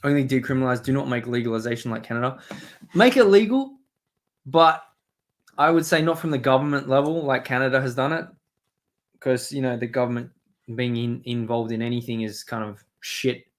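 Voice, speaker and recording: A man with a medium-pitched voice, talking a little fast, hosts a live stream, rambling and swearing as he reads and answers his chat in casual commentary.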